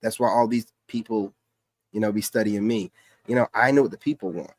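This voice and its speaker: A man's voice: on the low side, a little fast, a little mellow, no room sound. Man, reaction streamer, brash, mocking, casual commentary, dry close mic. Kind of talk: casual commentary over a podcast clip.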